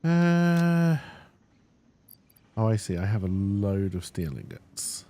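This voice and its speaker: A man's voice: on the low side, big pitch swings, takes it slowly, dark tone. Man mumbling through gameplay. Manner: mumbling, thinking aloud. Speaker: streamer. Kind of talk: casual gameplay commentary.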